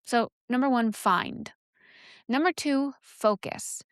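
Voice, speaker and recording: A woman's voice: fairly high pitch, slow, no echo, clean studio sound. A woman who teaches sexuality, explaining a step-by-step inner process in a frank, candid way, often restarting her sentences. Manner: frank, thinks aloud, many restarts and fillers. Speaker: sexuality educator and podcast host.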